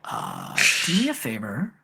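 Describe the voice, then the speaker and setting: A game master voicing Tyment, a scheming male officer who recruits troops with low, measured, conspiratorial talk. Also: wildly swooping pitch, creaky, sharp tone, a little hiss or hum, exaggerated voice. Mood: smooth.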